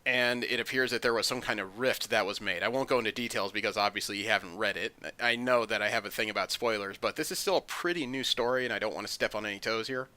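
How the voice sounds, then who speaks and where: A man's voice: fairly low pitch, quick pace, few pauses, sharp tone, dry recording. A man hosting a podcast, chatting through comic news with frequent ums and uhs. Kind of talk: casual chat.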